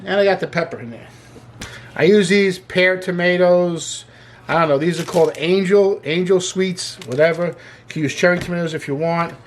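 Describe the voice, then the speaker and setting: A man's voice: high voice, slight background noise. A man hosting a casual cooking demonstration in a kitchen, chatty and enthusiastic, with joking asides. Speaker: cooking show host.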